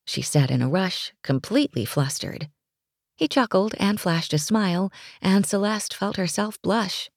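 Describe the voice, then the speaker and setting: A woman reads a romance story aloud with a low, gravelly voice. She narrates expressively, with a breathy touch in places. The sound is close and dry, with no room around it. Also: animated, normal speed, a little mellow, no echo. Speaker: audiobook narrator.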